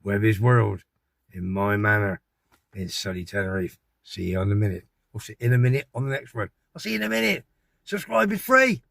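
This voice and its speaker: An older man from Gloucestershire, England, vlogs on a handheld phone while walking town streets, his fairly low, creaky, fairly bright voice brisk and expressive. He rambles cheekily, chatting and promoting himself. The audio is dry yet noisy, with traffic and street sounds behind him.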